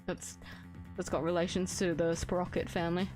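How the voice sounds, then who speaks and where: A woman's voice: fairly low pitch, flat delivery, moderate pace, over music. A woman giving casual, rambling commentary while playing a game, often giggling and swearing. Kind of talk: casual let's-play commentary.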